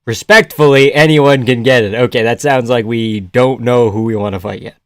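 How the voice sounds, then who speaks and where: A man talking into a desk mic on a live stream, reacting to the fights and answering his chat. His voice sits at an ordinary middle pitch, and the sound is dry and close with no room around it. He swings from loud outbursts to easygoing banter. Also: moderate pace, smooth, dry recording. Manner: loud outbursts of excitement, then laid-back banter with chat. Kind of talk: casual live reaction commentary.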